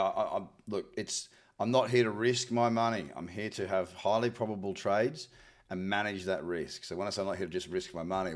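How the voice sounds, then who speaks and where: An Australian man hosting a live trading stream, chatting in an upbeat way, often repeating words and answering viewers. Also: deep voice. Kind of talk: live chart scan with chat replies.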